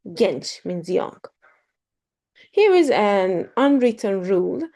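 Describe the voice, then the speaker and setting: A woman teaching a beginner pronunciation lesson, speaking slowly and carefully, repeating words with frequent ums. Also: mid-range voice, very animated, mellow. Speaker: language teacher.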